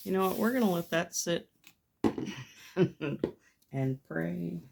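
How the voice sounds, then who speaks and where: Speaking slowly in a lowish, creaky voice over background noise, a woman narrates a gel plate printing project in her home craft studio. She's a mixed media artist, casual, chatty and self-deprecating, often laughing at herself.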